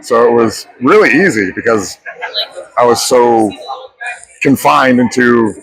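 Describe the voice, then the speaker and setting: A man, an actor in his thirties, telling stories in a lively way as an interview guest at a convention, acting out the dialogue he quotes. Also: mid-range voice, poor audio. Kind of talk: animated storytelling interview. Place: pop culture convention.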